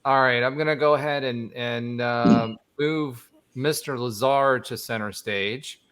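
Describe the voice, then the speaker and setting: A man's voice: medium pitch, fairly even intonation, a little slow, a bit bright, clear, resonant tone. A man hosting a sports podcast, talking loosely with lots of fillers and asides. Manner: loose and rambling, full of fillers. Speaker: podcast host. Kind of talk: casual sports podcast chat.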